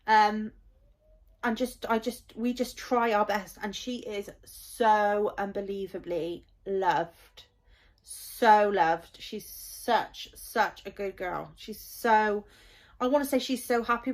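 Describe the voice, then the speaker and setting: A woman, talking in a heartfelt, rambling vlog as a parent, with many fillers. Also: medium pitch. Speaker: parent vlogger. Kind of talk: casual vlog monologue.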